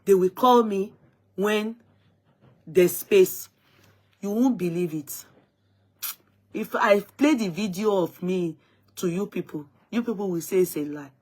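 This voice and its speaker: Speaking in a medium-pitched voice at a measured pace with long pauses, a vlogger with a Nigerian accent dramatically tells her viewers a story. She drops in Yoruba phrases along the way.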